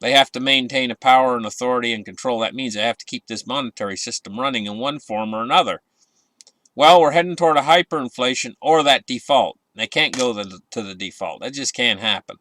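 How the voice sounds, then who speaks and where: A man's voice: mid-range voice, fairly quick, a bit bright, no room sound. A man hosting a casual market commentary channel, rambling with many fillers and restarts and a sarcastic edge.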